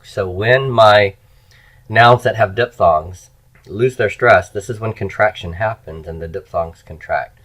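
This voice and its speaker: A man's voice: on the low side, unhurried, a bit bright. A middle-aged man teaching a language class, explaining step by step and checking in with his listeners. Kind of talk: lecture.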